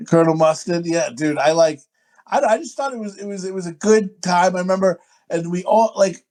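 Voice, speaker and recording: A man's voice: high-pitched, a little fast, a little mellow. A middle-aged man co-hosting a podcast in rowdy, crude chat, swearing freely, laughing often and mimicking movie lines over the top. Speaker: podcast co-host.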